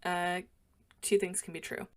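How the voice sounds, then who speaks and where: A woman's voice: lowish voice, level tone, unhurried. A woman co-hosting a podcast, recounting film scenes in careful detail and quoting the dialogue in a matter-of-fact way. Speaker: podcast co-host. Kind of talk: casual podcast chat, describing film scenes.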